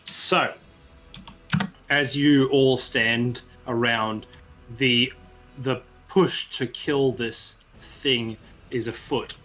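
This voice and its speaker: A man's voice: mid-range voice, steady tone, drawn-out words, a bit bright, faint music behind. A man narrating scenes and calling for rolls as game master, encouraging the players. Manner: descriptive, encouraging, with fillers.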